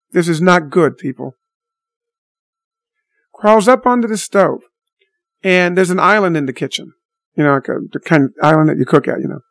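A man's voice: high-pitched, dry recording. A man telling a story to his viewers in an unscripted monologue, blunt and indignant, with mild swearing. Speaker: vlogger addressing viewers.

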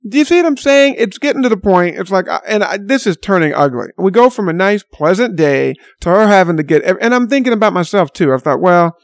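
Older male storyteller, exasperated and sardonic, high gravelly voice. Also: expressive, a little fast, hardly any pauses, dry recording, studio quality. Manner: rambling, exasperated, sardonic asides. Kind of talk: rambling personal anecdote.

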